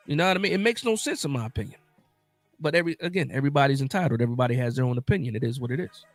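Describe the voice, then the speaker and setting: A man hosting a casual live sports talk stream, animated and emphatic, often repeating himself for emphasis. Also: mid-range voice, very fast, no echo, soft background music.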